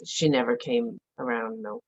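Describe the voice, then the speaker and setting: A middle-aged woman giving a halting, emotional personal account as an interview guest, with many fillers and restarts. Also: extremely low pitch, animated, slightly rough, muffled recording. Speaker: interview guest, bereaved mother.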